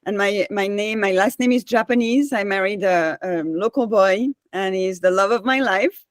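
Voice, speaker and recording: Middle-aged realtor, a woman with a French accent, speaking haltingly. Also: mid-range voice, no room sound, studio quality. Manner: hesitant, many uh fillers, warm and excited.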